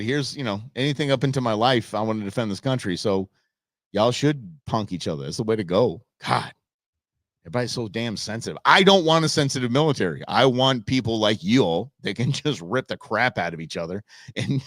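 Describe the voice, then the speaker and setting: A man's voice: medium pitch, expressive, brisk, a bit bright, no room sound, clean studio sound. A man hosting a live show, chatting casually with viewers and laughing often as he reacts to their comments. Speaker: livestream show host.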